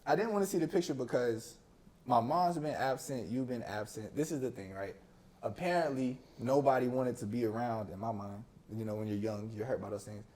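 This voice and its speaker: A young man, a podcast guest, chatting casually and telling a personal story with lively slang. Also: medium pitch, fairly quick. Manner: animated storytelling with slang, acting out quoted people. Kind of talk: casual chat.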